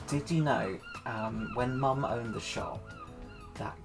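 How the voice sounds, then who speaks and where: A man's voice: on the high side, huge pitch swings, drawn-out words, long pauses, music in the background. A man casually reviewing a novel, chatty and sardonic, reading passages aloud and laughing often. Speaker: book reviewer and reader. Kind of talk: casual book commentary with read-aloud passages.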